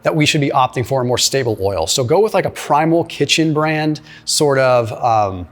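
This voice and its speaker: A man giving energetic nutrition commentary, explaining at length and often checking in with "right?" and "okay?". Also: mid-range voice, moderate pace. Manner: emphatic, explanatory, peppers speech with "right?" and "like". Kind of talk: commentary reacting to a clip.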